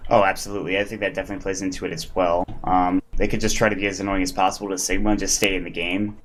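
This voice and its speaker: Young guy casting esports, lowish voice, rambly chatty analysis lots of likes. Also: level tone, racing. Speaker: esports caster. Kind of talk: live game commentary.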